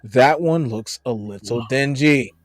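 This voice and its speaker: A man's voice: medium pitch, unhurried, no room sound. A man from the United States co-hosting a podcast, reacting to viewer comments in a blunt, profane, sarcastic way. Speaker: podcast co-host.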